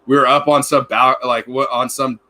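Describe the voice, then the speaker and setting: A man's voice: mid-range voice, level tone, moderate pace, pushed and bright. A man in casual podcast chat, rambling through rowdy military anecdotes with lots of swearing and acted-out quotes. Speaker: podcast host.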